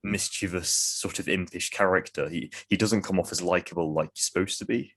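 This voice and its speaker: A man chatting casually on a podcast, giving measured, hedging opinions. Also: low-pitched, steady tone, a bit bright, no room sound, studio quality. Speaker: podcast co-host. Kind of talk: casual review chat.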